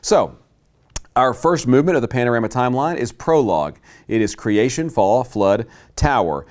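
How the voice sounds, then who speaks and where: A man teaching a Bible class to a live group, emphatic and slowing down to stress key words. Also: medium pitch, animated, darkish tone.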